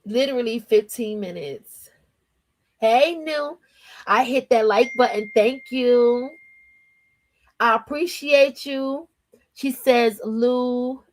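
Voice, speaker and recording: Streamer, female, New Jersey accent, slangy casual chatter, slightly high voice. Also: slow pace, long pauses. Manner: chatty, slangy, laughs often, reads chat aloud. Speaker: livestream host. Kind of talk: casual morning livestream chat.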